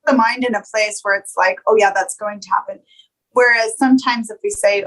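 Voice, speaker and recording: A woman's voice: mid-range voice, animated, moderate pace, low-quality recording. A woman hosting a wellness podcast, affirming her guest and summing up ideas in casual talk. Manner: warm affirming interviewer. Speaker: podcast host. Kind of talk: casual interview, then scripted outro.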